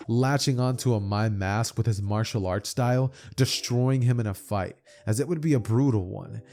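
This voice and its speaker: A man's voice: mid-range voice, warm tone. A man narrating a fan-made anime story in plain, run-on storytelling. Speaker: YouTube storyteller.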